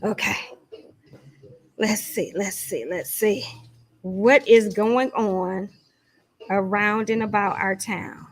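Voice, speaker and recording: Speaking slowly with long pauses in a mid-range voice, a woman hosts a live show from a lounge studio. She makes casual announcements of deals and events, chatting, poking fun at herself and thinking out loud as she goes.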